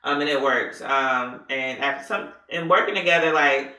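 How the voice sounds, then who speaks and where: Lively woman telling stories, echoey room. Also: very deep voice, moderate pace, far from the mic. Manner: animated, acts out quoted voices. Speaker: co-founder of a juice business. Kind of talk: casual interview storytelling.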